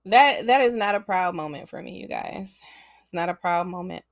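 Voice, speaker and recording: A woman vlogger telling a story straight to her viewers in a casual, animated way, laughing often. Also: on the low side, moderate pace, dry recording, clean studio sound.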